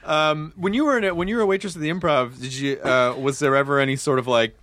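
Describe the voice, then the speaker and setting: A man's voice: a little high, steady tone, fast talker, a bit bright, slight background noise. A man hosting a casual conversation, rambling with restarts and jokes. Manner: rambling, lots of fillers and restarts. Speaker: host. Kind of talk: casual chat.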